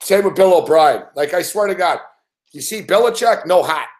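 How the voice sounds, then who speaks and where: Man ranting about betting picks, fed-up and cursing a lot, swooping lively pitch, fairly high voice. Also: normal speed. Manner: profane, exasperated ranting. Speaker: sports betting analyst. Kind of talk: live-stream betting rant.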